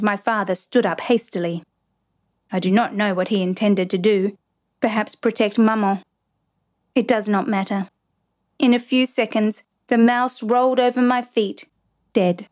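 A woman narrating a first-person children's story aloud, expressive and lively. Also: mid-range voice. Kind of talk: storybook reading.

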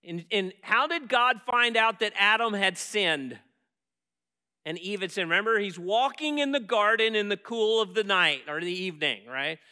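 A man preaching a sermon as pastor, animated as he acts out Bible scenes and dropping soft when leading prayer. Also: high voice, normal speed, clear, resonant tone.

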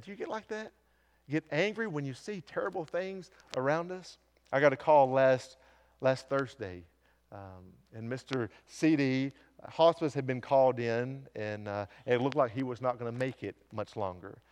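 A man's voice: medium pitch, normal speed, a little mellow, in a large hall. A man preaching a sermon as pastor, earnestly asking his congregation questions and telling a story from his week. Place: church sanctuary.

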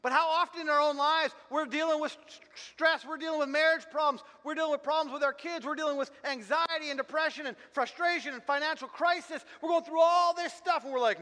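A man's voice: very high-pitched, steady tone, a little fast, few pauses, pushed and bright. A man preaching a sermon as pastor, fervent and repetitive, restarting phrases as he builds each point. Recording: long hall reverb.

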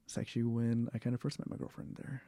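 Dark-voiced man, rambling. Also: mid-range voice, expressive, normal speed, no room sound, clean studio sound. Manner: rambling, many fillers and restarts, frequent throat clearing. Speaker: interviewee. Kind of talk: casual oral history interview.

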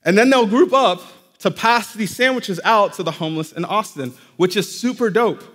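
A man's voice: high-pitched, normal speed, fairly bright tone. A man preaching a sermon in a church, talking to the congregation directly in a conversational way. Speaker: pastor. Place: church sanctuary. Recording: long reverb of a church hall.

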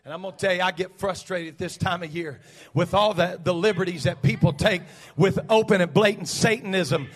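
A male pastor preaching a fiery sermon, building from talk into fervent, shouted bursts. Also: high-pitched, fairly quick, husky.

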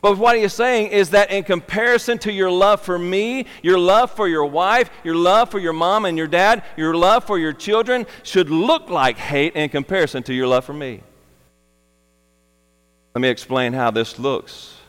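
A man's voice: sits high, normal speed, fairly bright tone, clear, resonant tone, big-room sound. A man preaching a sermon, earnest and emphatic, repeating his key phrases for weight.

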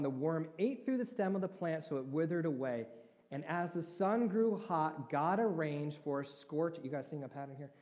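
Mellow-voiced man preaching in a reverberant hall. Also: a little high. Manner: conversational, asks listeners questions. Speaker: pastor. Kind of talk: sermon. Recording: long reverb of a large hall.

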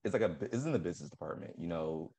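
Man, co-host, very deep voice, deadpan jokes. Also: racing, breathy edge. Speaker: podcast co-host. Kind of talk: comedic podcast chat.

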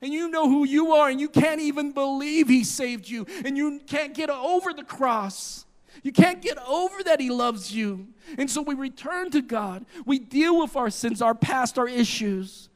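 A man's voice: very high-pitched, unhurried. A man preaching a sermon as pastor, emphatic and impassioned, a parent of children. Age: adult with children.

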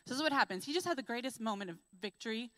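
A young adult woman giving a church sermon, telling stories in a lively way and acting out what people say. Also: on the high side, racing, no echo. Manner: lively storytelling, acts out quotes. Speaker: preacher.

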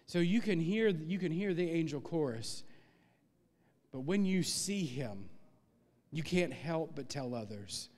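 Male pastor, high voice, animated sermon delivery, long hall reverb. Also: measured pace, long pauses. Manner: animated preaching, swelling louder on key points. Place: church sanctuary.

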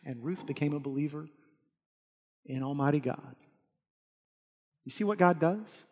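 A male pastor giving an earnest sermon, swinging between loud urging and soft, hushed lines. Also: a little high, a little slow. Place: church hall. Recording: long hall reverb.

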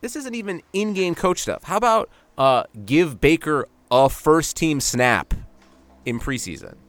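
A man co-hosting a sports podcast, chatting casually and ribbing with animated sarcasm. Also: on the high side, unhurried, no room sound. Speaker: podcast co-host.

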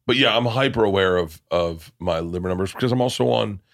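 Low-voiced man hosting a podcast. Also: a little fast, gravelly, fairly bright tone, no echo, studio quality. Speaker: podcast host. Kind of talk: casual podcast chat.

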